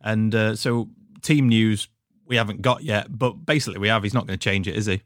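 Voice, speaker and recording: A man co-hosting a casual football podcast from home, easygoing and steady as he goes through match stats. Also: fairly low pitch, fairly quick, dry recording, studio quality. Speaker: podcast co-host. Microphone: recorded at home.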